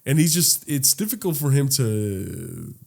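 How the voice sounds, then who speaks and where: With a gravelly, mid-range voice and a measured pace, this young podcast co-host tells profane, animated stories in casual chat, acting out the quotes as he goes.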